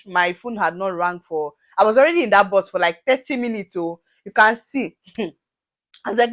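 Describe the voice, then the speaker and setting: A woman's voice: mid-range voice, normal speed. A young Nigerian woman with a Nigerian accent, telling a storytime vlog and acting out the people in it. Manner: animated, acts out dialogue in shifting voices. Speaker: vlogger.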